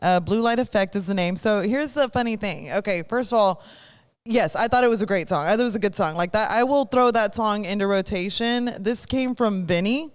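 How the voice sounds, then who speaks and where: A woman's voice: mid-range voice, a little fast, smooth. A woman hosting a live radio show, chatting casually in a rambling, self-correcting way. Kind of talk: casual chat. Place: live broadcast studio.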